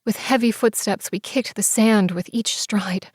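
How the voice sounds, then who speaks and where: A woman narrating a first-person romance audiobook, expressive and sometimes dropping to soft whispers. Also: medium pitch, a little slow, no room sound, studio quality. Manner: expressive, breathless in tense scenes, shifts into soft whispers.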